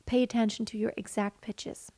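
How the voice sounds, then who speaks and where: A woman's voice: on the high side, level tone, moderate pace. A woman singing teacher explaining vocal technique in an earnest, instructive way. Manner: earnest, instructive, sings examples between explanations.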